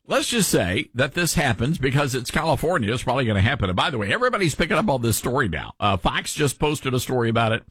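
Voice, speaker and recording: Southern radio host, animated husky voice. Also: male voice, mid-range voice, fast, few pauses, dry recording. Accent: Southern US, Tennessee. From Tennessee. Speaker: radio talk show host. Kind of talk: talk radio commentary.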